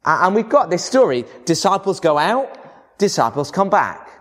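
A man preaching a sermon to a congregation, with expressive, varied emphasis. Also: high voice, normal speed.

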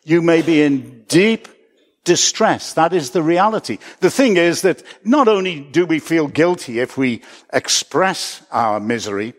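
A man's voice: fairly high pitch, expressive, a little slow. A man, a pastor, preaching a sermon in an earnest, reflective way, with small chuckles and self-corrections. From Britain.

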